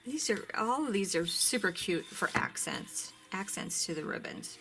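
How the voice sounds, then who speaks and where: A woman's voice: medium pitch, lively intonation, moderate pace, gravelly, few pauses, pushed and bright, a little hiss or hum. A woman casually showing off ribbons from her craft shop, chatty and gushing, often dropping to a near-whisper. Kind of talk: casual product show-and-tell.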